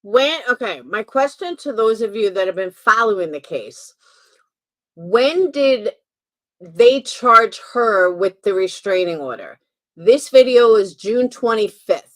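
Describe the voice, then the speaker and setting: A woman's voice: mid-range voice, lively intonation, takes it slowly. Opinionated woman hosting commentary. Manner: opinionated, emphatic. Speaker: commentary channel host. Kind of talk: casual commentary.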